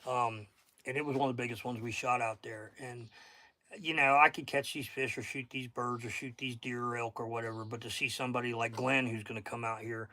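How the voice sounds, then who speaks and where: A man's voice: mid-range voice, fairly even intonation, brisk, sharp tone. Chatty Southern man hosting a livestream. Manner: chatty, rambling, thanks viewers by name. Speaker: livestream host, fishing guide. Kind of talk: casual livestream chat.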